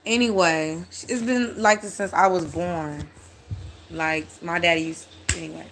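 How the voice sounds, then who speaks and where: A speaker telling a personal story in a casual, animated, blunt way with frequent swearing. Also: medium pitch, unhurried, slight background noise.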